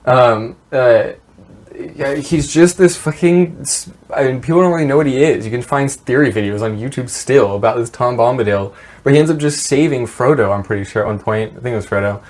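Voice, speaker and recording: A man's voice: medium pitch, fairly quick, darkish tone. Rambling sweary podcast guy. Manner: rambling, sweary, laughing retellings. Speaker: podcast co-host. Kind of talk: casual chat. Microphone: podcast mic.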